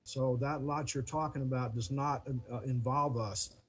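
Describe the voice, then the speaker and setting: Halting man speaking over a video call. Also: mid-range voice, steady tone, a little hiss or hum, rough recording. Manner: halting, repeats words. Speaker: neighbor addressing the commission. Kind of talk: public comment at a meeting.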